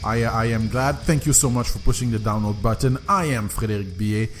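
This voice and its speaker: A man's voice: on the low side, a little fast, soft background music. Enthusiastic man hosting a podcast. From Quebec, Canada. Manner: enthusiastic, repeats and restarts words. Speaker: podcast host. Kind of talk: solo book podcast monologue.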